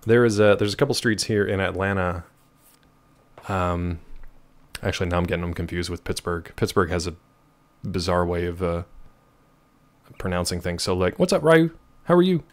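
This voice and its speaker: A male livestream host chatting casually from home, playful and animated, jumping between high and low pitch. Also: normal speed, long pauses. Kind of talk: casual chat while gaming.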